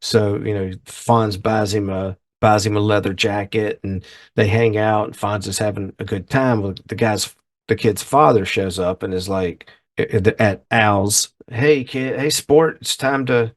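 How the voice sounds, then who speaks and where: A man's voice: lowish voice, level tone, measured pace. A middle-aged man co-hosting a podcast in casual chat, who retells a story scene by scene and acts out the people in it. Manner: retells scenes, acting out voices. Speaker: podcast co-host. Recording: podcast recording.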